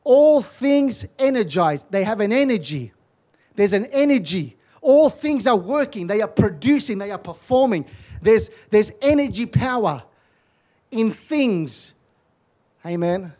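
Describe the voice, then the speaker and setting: A man's voice: sits high, expressive, a little slow, a little mellow. A man preaching a sermon as pastor in a church, fervently repeating phrases and calling out hallelujah and amen. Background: music playing.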